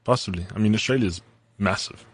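A man with a fairly low voice, co-hosting a casual podcast. He wanders through long, detailed stories, and the sound is dry and close. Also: brisk, husky, dry recording. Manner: rambling, detailed travel storytelling. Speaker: podcast co-host. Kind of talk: casual chat.

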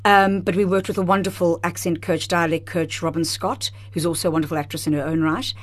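Female theatre director guest, slightly low voice, warmly enthusiastic and animated delivery, studio microphone. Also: fast talker. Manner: enthusiastic, expressive, laughs often. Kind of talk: radio interview guest. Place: radio studio.

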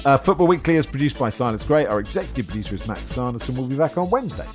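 A man's voice: medium pitch, sing-song, rapid-fire, music in the background. A man hosting a podcast, chatting casually and giggling as he reads out listener messages. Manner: chatty, giggly, self-deprecating. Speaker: podcast host.

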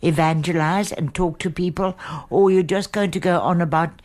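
A woman hosting a radio interview, asking measured questions and offering warm affirmations. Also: fairly low pitch, fairly even intonation. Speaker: radio host.

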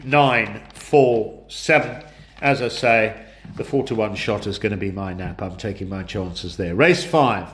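A man's voice: medium pitch, a bit bright. A man delivers a racing tips preview, his voice stuffed up and congested from flu. He talks in a plain, businesslike way, rattling off runner numbers and odds one after another. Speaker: horse racing tipster.

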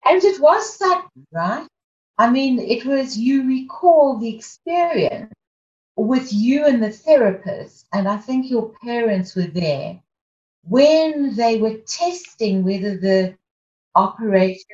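A woman interviewer speaks slowly and leads her guest with measured, prompting questions. Her voice sits fairly high. The room echoes around her, and the recording sounds slightly dull. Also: a little mellow.

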